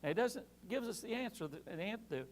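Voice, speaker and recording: A man leads a Sunday Bible class with a slightly raised pitch to his voice. He talks earnestly and circles back to stress his main points. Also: animated, fast talker. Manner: earnest, repeats key phrases for emphasis.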